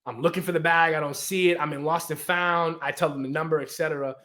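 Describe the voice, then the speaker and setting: Young american guy telling a story, kinda high voice, animated, doing everybody's lines. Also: quick pace. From United States. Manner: animated, acts out quotes, laughs often. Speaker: guest storyteller. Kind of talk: casual storytelling chat.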